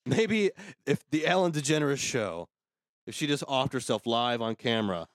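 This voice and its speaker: A man hosting a casual comedy talk show, mid-pitched and sarcastic. He rants quickly and throws in asides. The sound is close and dry, with no room around it. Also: animated, dry recording. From United States. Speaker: podcast host.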